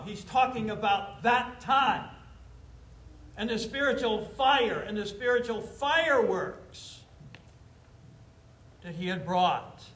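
A man preaching from the pulpit in a high voice, leaning hard on key words and stretching them out slowly. Between the heavy emphases he turns casual and chatty with the congregation. The sound carries the echo of a large church room, with faint ambience behind. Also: fairly bright tone, a little hiss or hum. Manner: emphatic preaching, drawn-out stressed phrases, casual asides to the congregation. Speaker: pastor. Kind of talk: sermon. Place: church sanctuary before a congregation. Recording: roomy echoey church sound.

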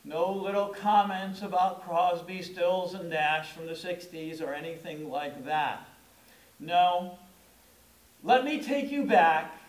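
A man's voice: high voice, echoey room, rough recording. A man preaching a Sunday sermon as the pastor, conversational and shifting his emphasis often.

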